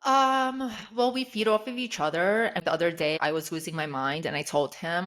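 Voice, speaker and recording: A woman in her thirties co-hosts a casual podcast chat, her first language Russian. Her voice sits a little low. She talks candidly, often laughing and acting out her own asides. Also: moderate pace, a bit bright. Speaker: podcast co-host.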